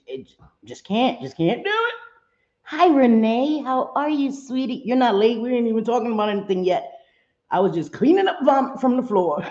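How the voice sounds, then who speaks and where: A woman's voice: mid-range voice, dark tone. Chatty woman livestreaming from home. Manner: chatty, talks to viewers, switches into Spanish exclamations. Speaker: livestream host. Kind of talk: casual livestream chat. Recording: echoey room, dull lo-fi sound.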